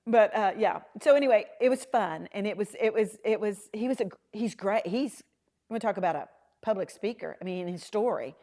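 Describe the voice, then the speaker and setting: A middle-aged woman, a podcast guest telling lively stories and acting out the voices of the people in them. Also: medium pitch, brisk. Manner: animated storyteller, acting out quoted dialogue. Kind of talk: storytelling in a casual interview.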